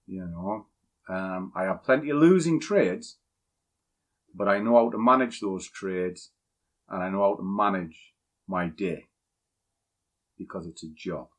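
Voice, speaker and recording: An older man with a somewhat low voice, talking casually and bluntly. He rambles a bit and shares strong opinions like a seasoned trading teacher. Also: animated, unhurried, pauses often. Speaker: trading educator. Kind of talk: casual rambling talk, then screen walkthrough.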